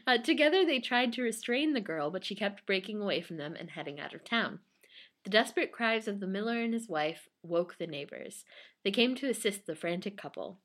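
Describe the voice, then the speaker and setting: A woman's voice: medium pitch, animated, a little fast, a bit bright. A woman telling a spooky folk tale to a co-host in casual chat, laughing often as she reads. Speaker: podcast co-host telling a story.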